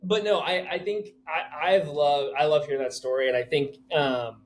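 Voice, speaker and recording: A man co-hosting a podcast who tells excited, rambling anecdotes in a casual chat. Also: fairly high pitch, moderate pace, a little hiss or hum. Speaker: podcast co-host.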